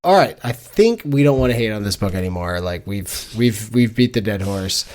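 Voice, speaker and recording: A man's voice: on the low side, lively intonation, moderate pace, darkish tone. A man co-hosting a casual podcast chat, wry and joking, trailing off into mumbles. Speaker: podcast co-host.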